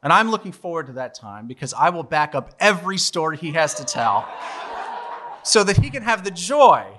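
A man's voice: on the high side, big pitch swings, normal speed, background noise. A man in his forties telling a funny personal story live on stage into a microphone, chatty and laughing at his own tale. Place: live storytelling show at a bar venue.

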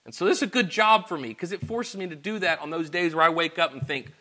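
A man preaching a sermon, earnest, moving between quiet personal confession and loud, emphatic rhetorical questions. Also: a little high, fast.

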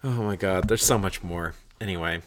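A man with a low voice in casual conversation. He keeps his reactions short and wry, and he moves the talk along. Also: fairly even intonation, moderate pace. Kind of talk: casual chat.

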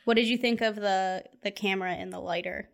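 A woman's voice: medium pitch, fairly quick, creaky. A young woman chatting casually about an old film, retelling scenes with acted-out quotes and frequent laughter. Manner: animated storytelling, acts out quotes, laughs often.

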